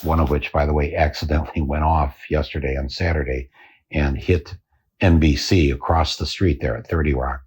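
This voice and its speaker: An older American man hosting a podcast, delivering a deadpan satirical monologue and chuckling at his own jokes. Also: rumbling low, moderate pace, slightly rough. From United States. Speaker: podcast host.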